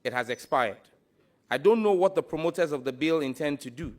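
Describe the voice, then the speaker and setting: A man with a Ghanaian accent, a minister nominee, answering a parliamentary committee forcefully and emphatically. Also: fairly high pitch, expressive, a little fast.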